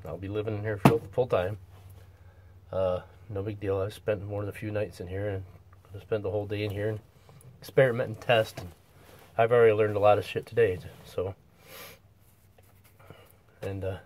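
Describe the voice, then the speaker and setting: A man's voice: on the low side, normal speed, pauses often, darkish tone, no room sound. Breathless middle-aged man giving a casual van tour. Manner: folksy, plainspoken, chuckles often. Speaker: vlogger touring his camper van. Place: inside a small camper van.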